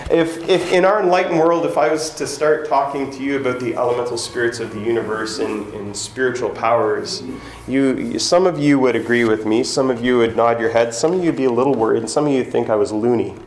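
Male pastor mid-sermon in a roomy, echoing church; emphatic, repetitive, joking asides, fairly high pitch. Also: a little hiss or hum. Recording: echoey church room.

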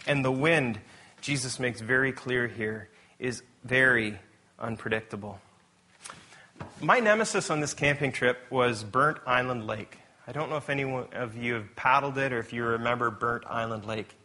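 A pastor giving a sermon in a relaxed, conversational way, often restarting his sentences and correcting himself as he tells stories. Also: mid-range voice, moderate pace.

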